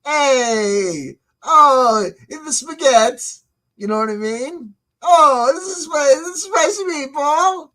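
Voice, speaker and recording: A man voicing a theatrical, exasperated mock Italian man with a put-on Italian accent, shouting and wailing. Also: very high voice, animated, slow pace, voice pushed up, heavily acted.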